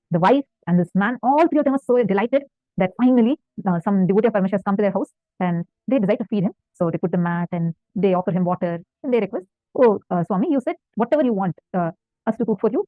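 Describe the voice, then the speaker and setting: A woman's voice: medium pitch, quick pace, no echo. A woman spiritual teacher telling a devotional story in a sermon, earnest and fervent, repeating points for emphasis. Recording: tinny phone-like dry sound.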